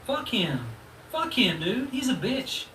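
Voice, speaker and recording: A man's voice: extremely high pitch, sing-song, takes it slowly, sharp tone. A man in his thirties ranting at a rival in a profane, taunting video reply, laughing mockingly at him. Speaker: channel host. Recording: roomy echo, distant mic, faint noise.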